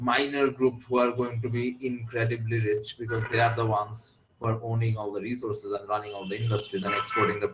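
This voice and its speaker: Fast-talking Bangladeshi lecturer in an echoey room. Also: male voice, medium pitch, a little hiss or hum. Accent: Bangladeshi English. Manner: switches between English and Bengali, asks students rhetorical questions. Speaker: university lecturer. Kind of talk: classroom lecture. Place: classroom.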